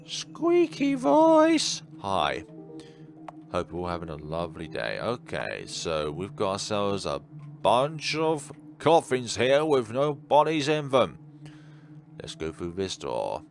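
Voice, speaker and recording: A man's voice: low voice, sing-song, a little slow, gravelly, faint music behind. A man commentating a horror game let's play with chatty, rambling asides. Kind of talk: gameplay commentary.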